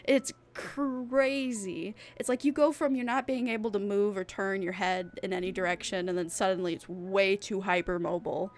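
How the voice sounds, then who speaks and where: A woman streaming as a VTuber, chatting casually with her live chat in a rambling, giggly way. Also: mid-range voice. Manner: giggly, rambling, drawn-out talk.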